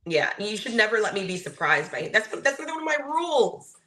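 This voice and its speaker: A woman co-hosting a casual reality TV recap, giving her measured opinion and her own rules. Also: medium pitch, very animated, pushed and bright, rough recording. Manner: thoughtful, sets out her personal rules. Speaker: podcast co-host.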